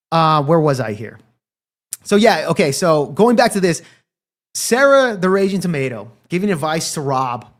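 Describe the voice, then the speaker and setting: A man hosting a livestream, chatting casually in a crude, profane, rambling way and talking straight to his live chat. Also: on the high side. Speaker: livestream commentary host.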